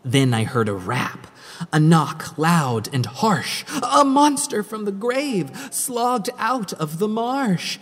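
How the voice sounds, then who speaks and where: Woman storyteller, very slow and sing-song, heard with a long hall-like reverb. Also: low voice, animated. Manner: dramatic, sing-song rhyming delivery. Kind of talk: rhyming spooky story reading.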